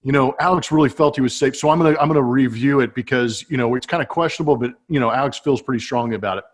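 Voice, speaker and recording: A man of middle pitch spins lively stories in casual chat, laughing often. He is co-hosting over a webcam call, speaking from a room at home. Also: very fast. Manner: animated storyteller who laughs as he talks. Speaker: podcast co-host, former baseball player. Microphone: webcam setup.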